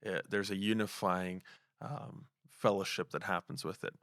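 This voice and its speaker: A man's voice: deep voice, steady tone, moderate pace, a bit bright, dry recording, studio quality. A man hosting a casual podcast interview, asking long, winding questions and affirming his guest. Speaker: podcast host.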